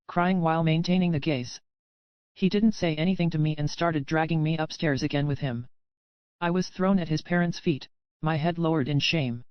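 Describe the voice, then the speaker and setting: Audiobook narrator, woman, steady first-person storytelling; smooth tone, lo-fi dry recording. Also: low voice, moderate pace, no room sound. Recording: dry, slightly dull lo-fi audio.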